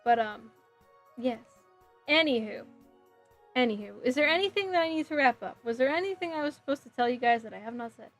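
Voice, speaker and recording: Giggly New woman, fairly high. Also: expressive, fairly quick, fairly bright tone, faint music behind. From New Jersey. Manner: giggly, scattered, answers chat messages aloud. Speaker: livestreamer building a model kit. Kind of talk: casual chat with stream viewers.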